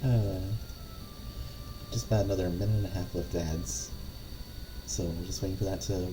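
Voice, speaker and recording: Deep-voiced hesitant game master. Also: male voice, fairly even intonation, moderate pace, music in the background. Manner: hesitant, many fillers and laughs. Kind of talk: casual stream chat.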